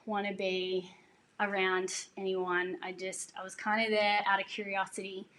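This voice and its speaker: A woman's voice: medium pitch, flat delivery, measured pace, a bit bright, a little hiss or hum. A woman telling a personal faith story in a casual way, earnest and emotional, laughing now and then. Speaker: singer sharing a testimony.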